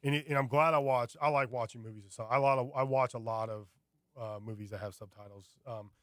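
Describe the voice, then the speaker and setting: A man chatting casually on a radio show, telling a rambling, animated story with many fillers. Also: medium pitch, fast, no echo, clean studio sound. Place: radio studio.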